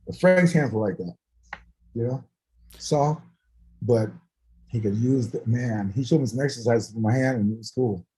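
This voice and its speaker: Telling stories in a casual chat, a guest musician speaks at normal speed in a medium-pitched voice, with long pauses. He laughs often and acts out the people he quotes, though the recording quality is low.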